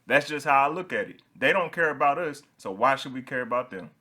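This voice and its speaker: A man's voice: medium pitch, fairly quick. A young man hosting a casual podcast, telling stories with a lot of energy and laughing as he goes. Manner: animated storyteller, laughs while telling stories. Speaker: podcast host.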